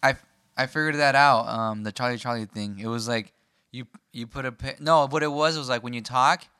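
A young man in casual podcast chat, animated and rambling as he thinks aloud. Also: mid-range voice, brisk, smooth, dry recording, studio quality.

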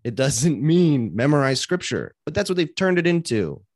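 A man's voice: on the high side, sing-song, normal speed, a little mellow, dry recording, clean studio sound. A man co-hosting a casual faith podcast, talking earnestly and thinking aloud with frequent restarts. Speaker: podcast co-host.

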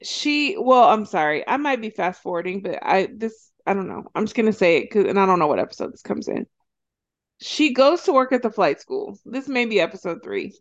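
A woman co-hosting a podcast, casually recapping a TV show and acting out the characters' lines in quick, animated storytelling. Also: medium pitch, muffled recording. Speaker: podcast co-host.

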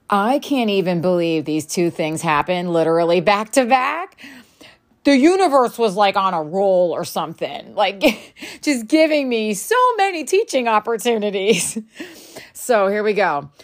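Slow-talking chatty woman podcaster. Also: mid-range voice. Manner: chatty, frequent "like" fillers, laughs between lines. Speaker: podcast host. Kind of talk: casual storytelling monologue.

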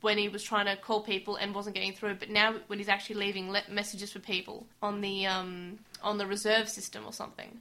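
A woman's voice: mid-range voice, flat delivery, a little fast, few pauses, bright, forceful tone. A woman co-hosting a casual chat, recapping scenes with lots of filler words. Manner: chatty, recapping with many "like" fillers. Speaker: podcast co-host. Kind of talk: casual chat comparing anime versions.

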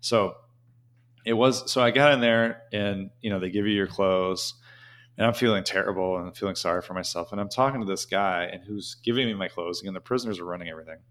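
A man's voice: sits low, quick pace, fairly bright tone. A man telling a casual, rambling story as an interview guest, with many "you know" fillers.

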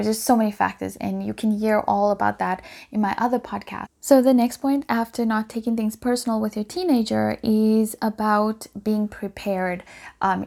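A middle-aged woman hosting a solo parenting podcast, giving calm, earnest advice with frequent ums and restarts. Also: medium pitch, creaky. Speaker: podcast host.

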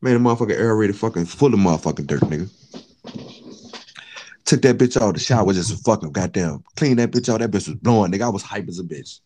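A man's voice: lowish voice, lively intonation, quick pace, darkish tone, a little hiss or hum. A man telling a long, profane story in casual chat, acting out the quotes of the people in it.

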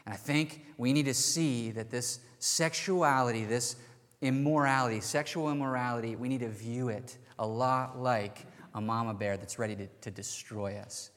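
Pastor preaching in a reverberant church. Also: male voice, mid-range voice, moderate pace. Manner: energetic storytelling, casual and conversational. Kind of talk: sermon.

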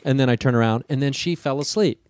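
A man telling a long personal story in casual talk, lively and profane, acting out the people in it. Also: medium pitch, fast talker, clean tone, no echo, clean studio sound. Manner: animated, swears freely, acts out the people in his story.

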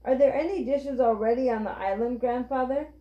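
A woman reading aloud, voicing a cheerful, capable girl who speaks with bright enthusiasm. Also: on the high side, fairly quick, lightly acted. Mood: enthusiastic. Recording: roomy, dull lo-fi.

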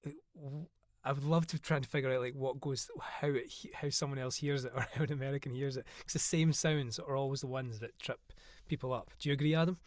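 A man's voice: mid-range voice, fairly even intonation, quick pace, hardly any pauses, dry recording, studio quality. A man with a Scottish island accent, chatting as a podcast guest, talking loosely with many fillers and restarts. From Scotland. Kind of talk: casual chat.

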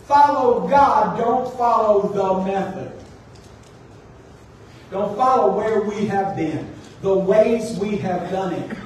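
A man preaching a sermon, animated and joking with his congregation. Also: high-pitched, slow pace, slight background noise. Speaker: pastor. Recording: echoey room, distant mic.

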